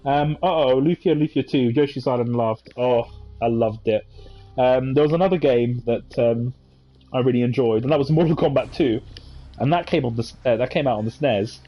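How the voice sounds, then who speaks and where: A man's voice: mid-range voice, moderate pace, dull audio, faint music behind. A man, chatting casually and reminiscing over gameplay with many fillers and asides. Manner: rambling, nostalgic storytelling with many fillers. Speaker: gaming channel host.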